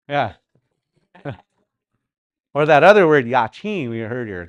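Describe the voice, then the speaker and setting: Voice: mid-range voice, big pitch swings, slow pace, long pauses, no room sound, clean studio sound. A Dakota language teacher from Sioux Valley, leading a live class in a playful way and repeating words so students can practise. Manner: paces around the room while teaching. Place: classroom during a livestreamed class.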